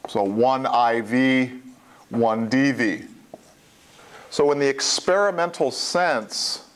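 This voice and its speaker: Man giving a plain statistics lecture. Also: medium pitch. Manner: plain explanatory, repeats key points, with asides. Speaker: statistics instructor. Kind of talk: classroom lecture.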